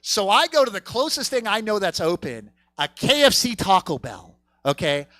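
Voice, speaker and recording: A man doing a stand-up set on a comedy theater stage, profane, swinging from low mutters to loud punchlines. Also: sing-song, moderate pace.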